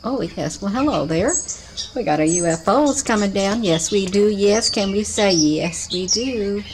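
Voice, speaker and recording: Her medium-pitched voice has lively intonation and a measured pace as this vlogger narrates her filming of the sky outdoors, sweetly calling everyone honey. It's recorded on a camera mic amid loud outdoor sound and birdsong near her home.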